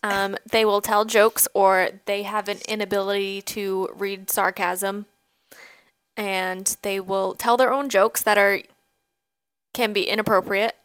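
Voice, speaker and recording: A young woman co-hosts a podcast in easy, casual chat. She talks freely, filling her thoughts with ums and likes. Her pitch sits in the middle range. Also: flat delivery, a little slow, a bit bright, clean tone. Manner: chatty, lots of ums and likes. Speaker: podcast co-host.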